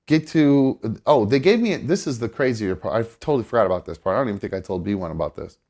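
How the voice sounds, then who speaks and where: A man hosting a live show from a studio, telling a rambling personal story in casual chat. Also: mid-range voice. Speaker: podcast host.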